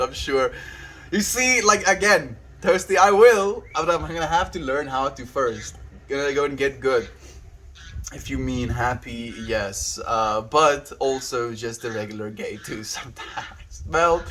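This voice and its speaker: A man's voice: mid-range voice, a little hiss or hum, poor audio. Giggly, playful male livestreamer. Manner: playful and giggly, often laughing; earnest and gentle when reflecting. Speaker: livestreamer reading viewer chat. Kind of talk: casual livestream chat.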